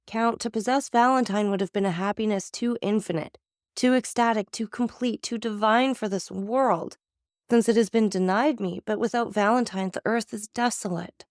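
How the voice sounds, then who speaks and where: A woman's voice: medium pitch, normal speed, no room sound, studio quality, voice pushed up, natural voice. A woman voicing a young man in despairing grief in a storybook reading, her delivery anguished and pleading.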